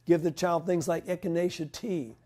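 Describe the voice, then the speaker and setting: A man answers questions about home remedies in a practical, rambling way. His voice is mellow and sits a little high, and he often restarts his sentences. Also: steady tone, normal speed. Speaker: health lecturer.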